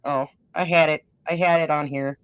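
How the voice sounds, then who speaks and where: A woman's voice: low-pitched, fairly even intonation, moderate pace, clear, resonant tone, no echo. A middle-aged woman with a northern Minnesota accent, chatting as an interview guest. She rambles through stories and laughs often. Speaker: guest musician-podcaster. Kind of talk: casual interview chat.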